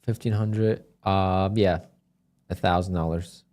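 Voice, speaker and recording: A man with a fairly low voice talks loosely through a live day-trading stream. His delivery is relaxed and chatty, and he drifts between market remarks and answers to viewer questions. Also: slow. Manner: laid-back, chatty, reads chat questions aloud. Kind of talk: casual live-stream chat.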